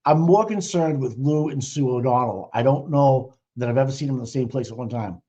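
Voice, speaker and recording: A man's voice: medium pitch, brisk, mellow. Profane, mocking male livestream host. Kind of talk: live commentary over trial footage. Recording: muffled lo-fi audio.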